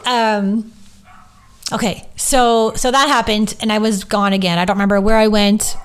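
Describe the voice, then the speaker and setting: Woman, smooth clear voice, personal story monologue, candid, emotional, swears, holding back tears. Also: medium pitch, steady tone, moderate pace. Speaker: podcast host and Reiki teacher.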